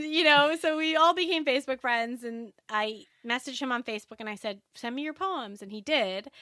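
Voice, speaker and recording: A woman guest on a podcast, telling a personal story in a casual, animated way and laughing often. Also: fairly high pitch, no room sound, clean studio sound.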